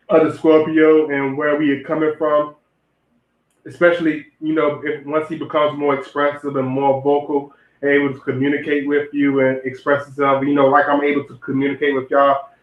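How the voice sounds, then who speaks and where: A man's voice: on the high side, little pitch movement, moderate pace. A young man hosting a livestream, giving rambling zodiac relationship advice and talking straight to his chat. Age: young adult. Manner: rambling, repeats and restarts phrases, addresses chat directly. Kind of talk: casual livestream talk to viewers. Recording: roomy, phone-like lo-fi audio.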